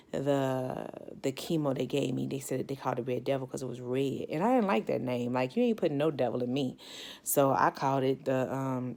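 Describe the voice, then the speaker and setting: A woman's voice: extremely low pitch, darkish tone. A woman telling her own story as a cancer survivor, reflective and candid, often restarting her sentences. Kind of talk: personal storytelling.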